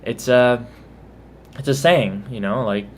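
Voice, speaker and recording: Slow-talking Texan man. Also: mid-range voice, a little hiss or hum. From Texas. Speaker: vlogger. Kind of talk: casual accent-tag vlog.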